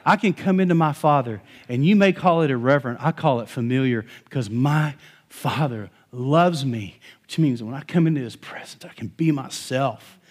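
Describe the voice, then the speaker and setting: Animated, conversational male pastor preaching. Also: mid-range voice, moderate pace. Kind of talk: sermon.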